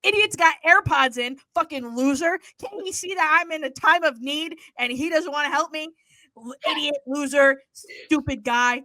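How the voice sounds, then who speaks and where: Chatting casually on a podcast she co-hosts, a young woman tells a lively story, swearing liberally while she acts out other people's lines. Her pitch runs high, and she keeps a moderate pace.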